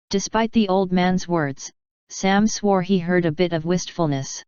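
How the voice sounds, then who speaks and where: A woman narrating a fan story in a steady audiobook reading. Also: fairly low pitch, unhurried, clean tone, dry recording, dull audio. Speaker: fanfiction reader.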